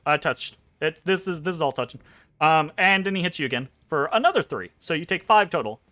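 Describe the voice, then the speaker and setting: A brisk man with a voice on the high side runs a tabletop game as game master. He narrates animatedly, swearing and dropping frequent ums.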